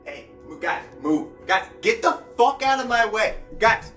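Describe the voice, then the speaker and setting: A man voicing a furious young man who rants and swears without any filter, often shouting. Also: very high voice, lively intonation, measured pace, over music, pitched above the performer's own voice. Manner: shouting, profane ranting.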